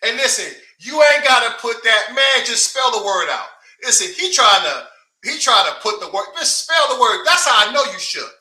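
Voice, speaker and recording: A man with a high, piercingly bright voice rants into his camera, taunting and cursing at his critics. He talks in a confrontational, swaggering way and keeps breaking into scoffing laughs. The recording rings with the echo of the room around him. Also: big pitch swings, moderate pace. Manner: taunting, confrontational, heavy swearing. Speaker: online streamer. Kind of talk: heated livestream rant. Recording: echoey room.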